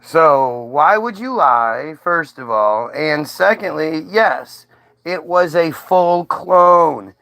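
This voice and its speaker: A man's voice: on the high side, expressive, takes it slowly, pushed and bright, dry recording, poor audio. An American man arguing with an AI voice in blunt, insistent casual talk. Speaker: streamer questioning an AI.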